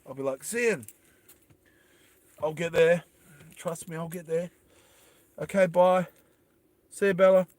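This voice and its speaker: A man's voice: a little high, fairly even intonation, normal speed, pauses often, a little mellow, no echo. A man hosting a live stream, chatting casually with viewers and reading their comments in a rambling, self-deprecating way. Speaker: livestream host.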